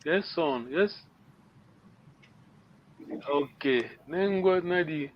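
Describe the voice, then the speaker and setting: A man teaching a language class online, patient, often checking understanding with a quick question. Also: on the high side, muffled recording, a little hiss or hum.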